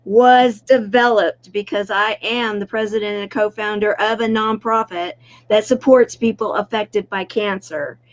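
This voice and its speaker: A woman's voice: mid-range voice, steady tone, measured pace, few pauses, muffled recording. A woman hosting an online talk show, introducing guests in an effusive way. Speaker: host. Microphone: video call.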